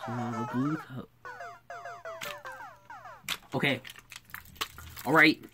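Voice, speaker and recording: A woman's voice: rumbling low, fairly even intonation, drawn-out words. A woman giving casual commentary while playing a video game, muttering, repeating herself and scolding the game when it goes wrong. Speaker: gaming YouTuber. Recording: game music behind the voice.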